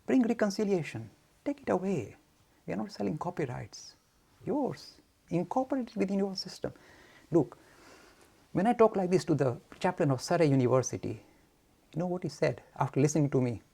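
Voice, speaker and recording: A man lectures students in a frank, forceful way. His voice is gravelly and husky. His pitch rises and falls with lively animation. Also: a little fast, long pauses. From India. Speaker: lecturer on Hinduism.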